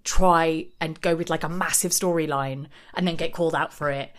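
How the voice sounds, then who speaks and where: A young woman co-hosting a podcast in casual chat, talking in an animated, gossipy way with frequent laughs and fillers. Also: low voice, normal speed. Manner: chatty, animated, laughs often, many fillers. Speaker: podcast co-host.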